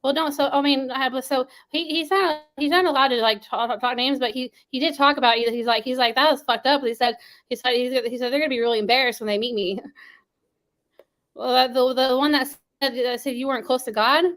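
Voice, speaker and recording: A woman guest talks fast and rambles from thought to thought, full of restarts and fillers. Her voice is a little high. She rushes through long run-on sentences. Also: steady tone, a bit bright. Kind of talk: casual interview talk.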